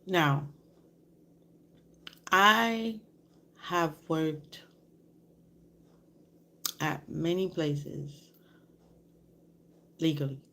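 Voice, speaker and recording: Slow, gravelly-voiced woman vlogger. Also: low-pitched, pushed and bright. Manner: candid, rambling, often drops to a whisper. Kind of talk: casual storytelling to camera.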